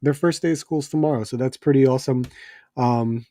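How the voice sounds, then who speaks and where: Guy in his 30s ranting on his toy stream, kinda fed up, warm low-key voice, dry sound. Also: a little fast, dry recording. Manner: exasperated, rambling with restarts and fillers. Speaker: toy live stream host. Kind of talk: casual live stream rant. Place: home.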